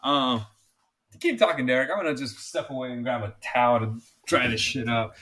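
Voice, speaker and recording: A man co-hosting a podcast in casual chat, excitable and swearing freely, often getting loud. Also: medium pitch, moderate pace. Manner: excitable, swears a lot, gets loud and animated. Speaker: podcast co-host.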